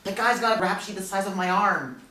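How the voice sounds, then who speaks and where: A man's voice: sits high, fairly quick, sharp tone, a little hiss or hum. A man reading a fussy, rule-following schoolboy sidekick who gets exasperated, at a table read of a TV pilot. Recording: roomy, distant mic.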